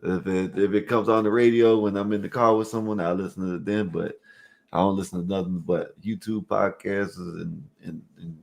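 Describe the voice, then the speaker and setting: A lower-voiced man with a gravelly edge hosts a call-in stream. He talks loosely and bluntly, swearing in passing. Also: fairly even intonation, normal speed. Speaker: stream host. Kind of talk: casual chat.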